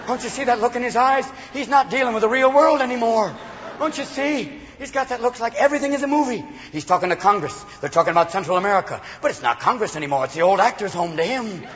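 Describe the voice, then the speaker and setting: High-voiced ranting stand-up comic. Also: male voice, animated, long reverb tail. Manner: rapid ranting with frequent voices and shouts. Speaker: stand-up comedian. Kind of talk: stand-up routine. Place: comedy club stage. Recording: dull live club recording, audience noise.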